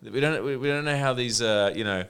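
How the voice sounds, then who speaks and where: A man's voice: medium pitch, brisk, a bit bright, clear, resonant tone. Rambling casual podcast co-host man. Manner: rambling, self-interrupting, laughing often. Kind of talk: casual chat.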